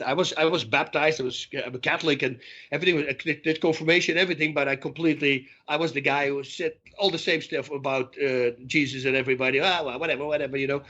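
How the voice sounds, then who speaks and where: Bright-voiced middle-aged man telling stories. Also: on the high side, highs cut off. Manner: animated storyteller who acts out dialogue. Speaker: podcast guest. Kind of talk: storytelling interview talk.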